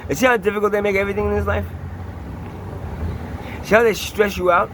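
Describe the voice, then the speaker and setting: A man vlogging about his own troubles, swinging from halting talk into an angry, profane rant full of rhetorical questions. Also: high-pitched, background noise. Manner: halting with many restarts when calm. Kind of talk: personal video diary and rant.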